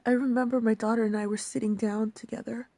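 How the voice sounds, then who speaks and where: A woman in her thirties vlogging personal reflections, emotional and halting, sometimes dropping to a near-whisper. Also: fairly high pitch, level tone, mellow, no room sound.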